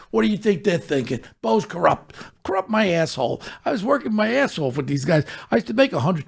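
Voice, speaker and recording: Gravelly older New man. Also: sits high. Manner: profane, blunt, streetwise. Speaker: storyteller on his own podcast. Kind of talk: casual storytelling.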